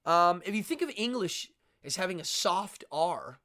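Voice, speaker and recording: Middle-aged male livestream host, lively sing-song delivery, rambling and chatty, talks straight to his viewers. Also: sits high, normal speed. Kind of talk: casual livestream chat with viewers.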